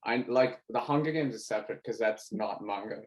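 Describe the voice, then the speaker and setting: A young man co-hosting a casual podcast over a video call, excitable and joking, swearing often. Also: lowish voice, brisk, poor audio. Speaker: podcast co-host.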